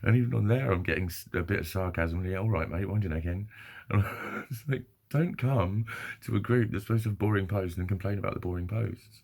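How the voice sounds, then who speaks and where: A man talks straight to camera in a rambling, sweary, self-deprecating vlog. His voice is low and gravelly, with a husky, rough grain. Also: brisk, a little mellow. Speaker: vlogger. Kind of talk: casual monologue.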